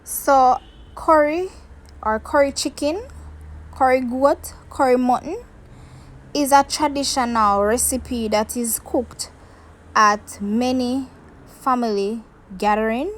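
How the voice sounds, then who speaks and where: A woman's voice: high voice, takes it slowly, rough recording. A Jamaican woman hosting a cooking video, explaining each step to viewers in a chatty way from her kitchen. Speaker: cooking channel host. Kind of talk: casual cooking demonstration.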